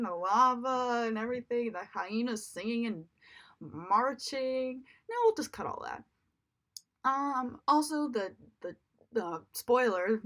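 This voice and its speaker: A woman's voice: fairly high pitch, sharp tone. A young woman giving a casual spoken movie review, chatty and exasperated, with lots of fillers.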